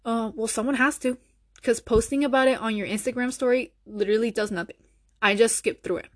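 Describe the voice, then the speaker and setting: A woman's voice: a little high, dry recording, clean studio sound. A young woman hosting her own podcast, ranting bluntly and sarcastically with lots of swearing. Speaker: podcast host. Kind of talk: solo podcast rant.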